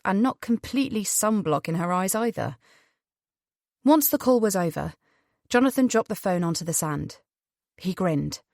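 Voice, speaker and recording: Expressive woman audiobook narrator. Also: on the low side, no room sound, clean studio sound. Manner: expressive, storytelling.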